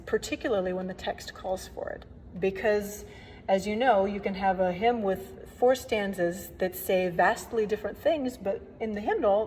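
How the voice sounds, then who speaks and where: A woman organist leads a relaxed workshop lesson on hymn playing, friendly and chatty with playful asides. Her mid-pitched voice rings out in a long, lingering reverb. A faint hiss sits under the recording.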